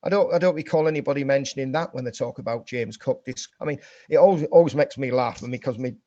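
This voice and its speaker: A man's voice: medium pitch, quick pace, warm tone, no room sound. Guy on a political panel stream, fired up and indignant, muffled dry audio. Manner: impassioned, rising to indignant outbursts. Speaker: panel guest. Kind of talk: passionate political discussion.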